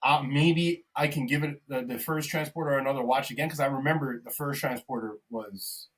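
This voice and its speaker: A young man co-hosting a podcast in casual, animated chat, swearing often and calling his friend "bro". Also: medium pitch, fairly quick, recorded from a distance. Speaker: podcast co-host.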